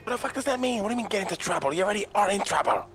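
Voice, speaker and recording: A man doing in-character roleplay banter in a game, loud, confrontational and full of profanity. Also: sits high, lively intonation, very fast, faint music behind. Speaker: fellow roleplayer.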